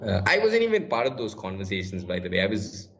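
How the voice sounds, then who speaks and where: A man with an Indian English accent talks casually as a podcast guest. His voice sits a little low and his words tumble out with frequent restarts and repeated words. The recording sounds dull and lo-fi. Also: huge pitch swings, quick pace. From Kerala, India. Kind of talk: casual conversation.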